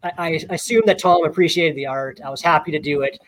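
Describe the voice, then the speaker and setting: A man co-hosting a casual podcast, telling a story in an animated way with many repeated words. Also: on the high side, fast. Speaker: podcast co-host.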